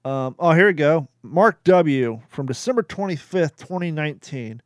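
A man's voice: on the high side, animated, moderate pace, few pauses, no echo, clean studio sound. A man from Kentucky hosting a podcast, casually chatting and reading movie reviews aloud with a laugh now and then. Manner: chatty, laughs at his own jokes. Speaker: podcast host.

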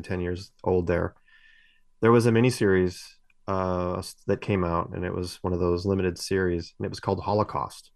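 A man's voice: low voice, gravelly, dry recording. A middle-aged man co-hosting a podcast, telling long rambling stories with many fillers and restarts. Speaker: podcast co-host. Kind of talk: casual podcast chat.

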